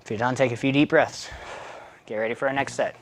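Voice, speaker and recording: A man's voice: mid-range voice, fairly even intonation, quick pace. A man teaching a follow-along taekwondo class, counting kicks aloud and coaching between sets in a chatty, self-deprecating way while breathing hard from the workout. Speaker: taekwondo instructor.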